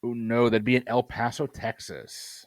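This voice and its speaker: A man in a middle pitch reads trivia questions and confirms answers. His humor is dry and teasing. The recording is dry and close, with no room echo. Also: level tone, moderate pace. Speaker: trivia quizmaster. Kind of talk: reading trivia questions, joking.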